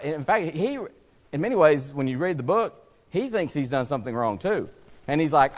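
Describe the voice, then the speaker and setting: A man preaching a folksy, conversational sermon, acting out the voices he quotes and swinging between loud emphatic lines and hushed, low passages. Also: lively intonation, a little fast. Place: church sanctuary. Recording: long hall reverb.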